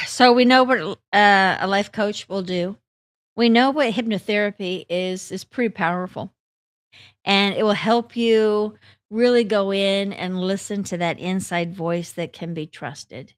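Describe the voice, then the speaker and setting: A woman's voice: mid-range voice, a little slow, no room sound, clean studio sound. A woman life coach and hypnotherapist talking casually and candidly, telling stories to her audience. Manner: candid, chatty storyteller.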